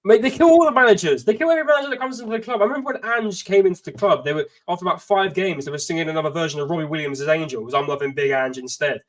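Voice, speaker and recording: A fast-talking man, hosting a casual football chat on his channel. His voice sits a little high and comes in quick, animated bursts. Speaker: channel host.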